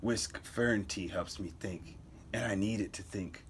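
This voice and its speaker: A man doing a cold, hushed Lex Luthor. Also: measured pace, a little hiss or hum, close to an everyday voice. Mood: condescending. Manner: low, quiet, condescending. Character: cold, scheming young male genius villain.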